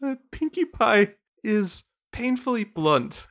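A woman's voice: on the high side, very animated, takes it slowly. A woman co-hosting a casual chat and reading a storybook, playful and chatty. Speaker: podcast co-host.

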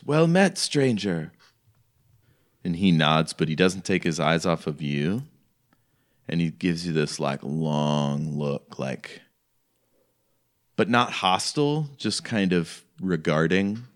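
A man's voice: low-pitched, measured pace. A man narrating a tabletop game as game master, talking in a casual, rambling way full of "like". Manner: casual, rambling, heavy use of "like".

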